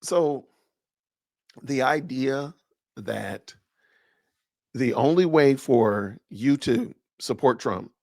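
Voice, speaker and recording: A man's voice: medium pitch, animated, very slow, vocal fry, long pauses, a little mellow, no room sound, clean studio sound. A man hosting a podcast, reacting to a clip with incredulous, sarcastic rhetorical questions. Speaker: podcast host. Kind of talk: reaction commentary.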